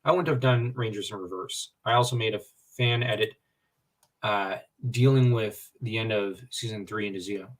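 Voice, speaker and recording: A man's voice: fairly low pitch, normal speed. A man co-hosting a livestream in casual fan discussion, rambling with many fillers and restarts, getting worked up at times. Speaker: livestream co-host. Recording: distant from the mic.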